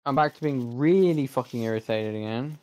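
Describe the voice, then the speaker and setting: A gamer in the middle of a playthrough, grumbling and swearing as the game refuses to cooperate. The voice sits at a middling pitch, with complaints aimed straight at the screen. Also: brisk, a little mellow. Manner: frustrated, swears often, talks to the game. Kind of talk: gameplay commentary.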